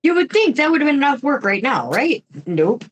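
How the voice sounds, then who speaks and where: A woman's voice: sits high, very animated, fairly quick. A woman co-hosting a podcast, telling a true-crime story casually with chatty asides and mild swearing. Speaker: podcast co-host.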